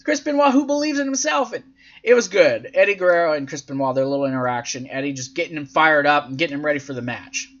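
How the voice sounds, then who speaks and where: A man's voice: on the high side, fast, muffled recording. A man hosting a podcast who recaps wrestling matches in a casual, profane and sarcastic way, acting out what the wrestlers said. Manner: profane, sarcastic, animated, acts out quotes in silly voices. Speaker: podcast host reviewing wrestling events.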